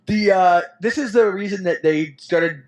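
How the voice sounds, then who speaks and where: High-voiced man co-hosting a podcast. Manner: animated, agreeable, quick "yep"s. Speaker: podcast co-host. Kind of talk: casual chat.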